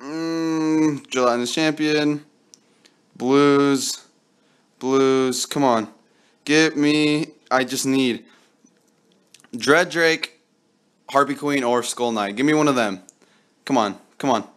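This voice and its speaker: A young man commenting on his own mobile gameplay, pleading with the game and yelling when his luck turns. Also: mid-range voice, takes it slowly, pauses often, smooth. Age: young adult. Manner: excitable, pleading with the game, yells when lucky.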